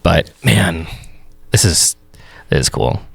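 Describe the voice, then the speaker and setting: A man's voice: sits low, lively intonation, slow pace, gravelly, a bit bright, slightly rough, no room sound. A man co-hosting a music reaction show, chatting casually and explaining vocal technique at length. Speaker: music producer co-host.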